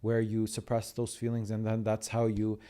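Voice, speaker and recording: A man hosting a podcast conversation, speaking haltingly and searching for words as he asks questions. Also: lowish voice, monotone, warm tone. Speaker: podcast host.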